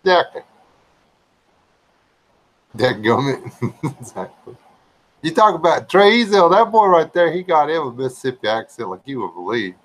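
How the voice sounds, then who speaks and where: A man's voice: on the high side, animated, fast, few pauses, poor audio. Easygoing man chatting on stream. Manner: rambling, easygoing, folksy. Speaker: livestream regular. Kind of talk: casual livestream chat.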